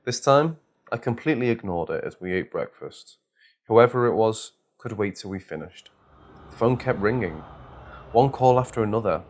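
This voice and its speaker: A man narrating a first-person horror story in a measured, scripted reading. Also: fairly low pitch, a little mellow, a little hiss or hum.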